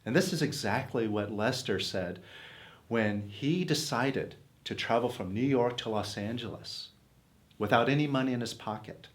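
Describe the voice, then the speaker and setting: A man's voice: medium pitch, normal speed. Earnest man giving a motivational talk. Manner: earnest, coaxing, rhetorical questions. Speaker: self-help teacher.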